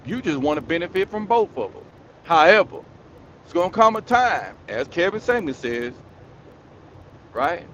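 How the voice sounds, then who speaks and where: A man's voice: on the high side, very animated, normal speed, pauses often, a bit bright, dull audio, slight background noise. A man hosting his own channel, delivering a scolding, preachy rant straight at his audience, repeating his points for emphasis. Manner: preachy, scolding, repetitive, addresses the audience directly. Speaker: commentary channel host. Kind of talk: ranting monologue commentary.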